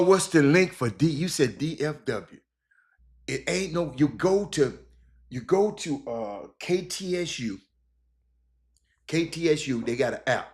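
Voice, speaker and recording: A middle-aged man hosting a loose sports chat for his viewers. He rambles along with many fillers and restarts, animated and chatty, at a pitch in the normal range for a man. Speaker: sports broadcaster and show host. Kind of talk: casual live-stream chat with viewers.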